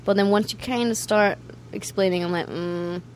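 A woman with a Scottish accent chats loosely as an interview guest, mid-range in pitch. She is self-deprecating and breaks into laughs often, and a faint hum sits under her voice. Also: normal speed. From Scotland. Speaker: guest musician. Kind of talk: casual interview chat.

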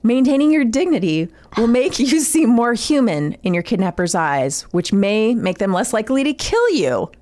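A woman's voice: on the high side, normal speed, hardly any pauses. A woman co-hosting a casual comedy chat, reading lines from a guide aloud and riffing on them with giggles. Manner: animated, giggly, reads lines then riffs on them. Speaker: podcast co-host.

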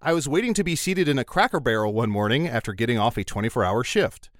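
Male podcast co-host reading emails, lively pitch, dry close sound. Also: fast talker, no echo. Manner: animated, reads emails aloud with jokey asides. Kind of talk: casual chat, reading listener emails.

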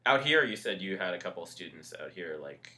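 A man hosting a podcast, chatting casually with a guest and dropping quick remarks. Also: low-pitched, big pitch swings, pushed and bright. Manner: affable listener, quick backchannel remarks. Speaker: podcast host. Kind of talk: casual interview chat.

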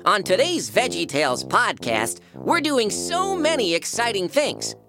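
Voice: mid-range voice, very animated, a little slow, over music. Bob the Tomato, voiced as a sensible cartoon tomato. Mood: patient. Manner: level-headed, patient, mildly exasperated. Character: sensible male tomato, patient and slightly fussy. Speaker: co-host. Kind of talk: cartoon podcast voice acting.

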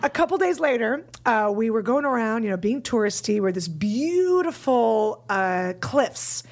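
A stand-up comedian in her thirties tells a story on a podcast. Her voice sits high, and she jumps into animated impressions of the people in her story. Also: a little slow. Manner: animated, acts out quotes in raised voices.

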